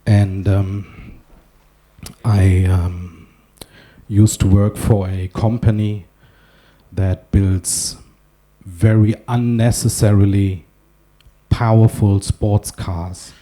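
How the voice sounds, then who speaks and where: Dark, husky-voiced German man joking. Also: fairly low pitch, steady tone, extremely slow, pauses often. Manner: wry, self-deprecating storytelling with asides. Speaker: conference speaker. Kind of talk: humorous keynote talk. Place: conference hall.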